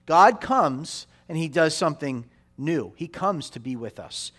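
Preaching unhurriedly and with animation, this pastor in his forties has a fairly high, slightly bright voice with wide pitch swings as he presses his points. He echoes phrases for emphasis and constantly checks in with "right?".

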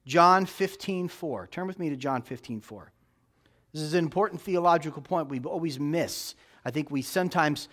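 A man's voice: a little high, fairly bright tone. A man preaching a sermon, emphatic, with a voice that rises and drops for effect. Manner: emphatic preaching with rising and dropping delivery. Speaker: pastor.

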